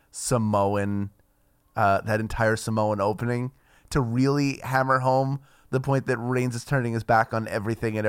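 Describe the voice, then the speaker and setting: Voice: medium pitch, clean tone. A wrestling podcast co-host who talks in a mid-range voice with dry humor. The sound is close and dry, with no room echo. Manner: dry, joking, hosts the segments. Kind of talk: casual wrestling chat.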